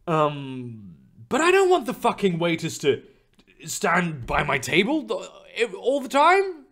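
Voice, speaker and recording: A man's voice: high-pitched, huge pitch swings, slow pace, a bit bright. A young man chatting casually on a live stream from his room, rambling and swearing freely with lots of fillers and restarts. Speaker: streamer reading chat. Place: home room.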